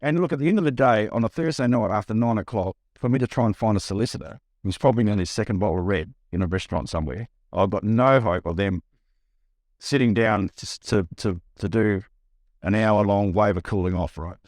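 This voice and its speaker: A middle-aged man with an Australian accent, a buyer's agent telling a lively story in a podcast interview, acting out the voices he quotes. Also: on the low side, fairly quick, dry recording, studio quality. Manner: animated, acts out quoted voices, frequent restarts.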